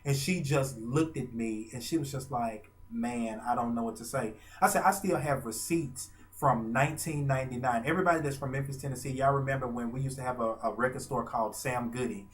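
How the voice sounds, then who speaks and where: Guy from arkansas gushing through a story, animated, lots of pauses for effect. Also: medium pitch. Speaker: vlogger and fan. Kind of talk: casual storytelling.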